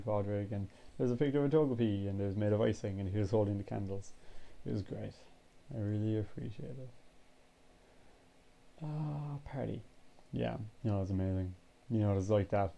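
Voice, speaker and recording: Young male vlogger in his twenties, low voice and very dark tone, casual rambling chat with a tired throat. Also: creaky. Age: 20s. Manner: rambling, storytelling with lots of fillers. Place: home bedroom.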